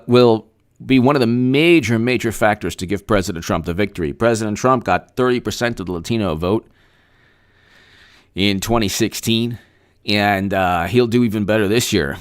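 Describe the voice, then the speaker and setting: A man's voice: on the low side, normal speed, clean tone. A man hosting a live political commentary stream, reading out news and then rambling sarcastically with frequent restarts.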